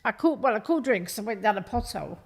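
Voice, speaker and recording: A woman's voice: medium pitch, expressive, rapid-fire, husky. A woman, telling blunt, sweary stories as a podcast guest in a studio. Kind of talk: casual chat.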